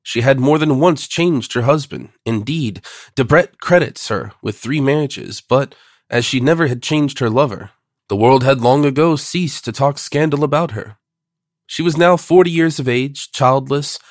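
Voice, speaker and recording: A narrator gives an audiobook reading, telling the story in a measured, even manner. His medium-pitched voice is captured as clean studio sound with no room sound.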